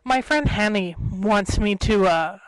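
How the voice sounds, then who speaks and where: Speaking slowly in a mid-range voice, a young woman records a rambling home vlog on her webcam's built-in mic. She is chatty and giggly and keeps jumping between stories, while the audio sounds dry and poor.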